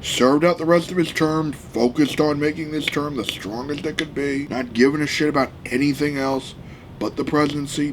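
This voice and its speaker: A man's voice: mid-range voice, slight background noise. Heated, profane man ranting. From United States. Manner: heated, profane, frequently shouting. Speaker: political vlogger. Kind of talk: ranting political commentary.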